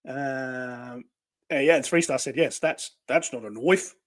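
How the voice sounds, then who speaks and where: A man's voice: medium pitch, a little slow, no echo. A man with an Australian accent co-hosting a casual livestream, reading out viewer comments, with many fillers and frequent laughs. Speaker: livestream co-host.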